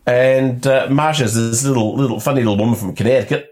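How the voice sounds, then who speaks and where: A man's voice: mid-range voice, fast talker, darkish tone. A man hosting a podcast, telling a story in a casual, rambling way, often repeating words as he restarts and laughing along.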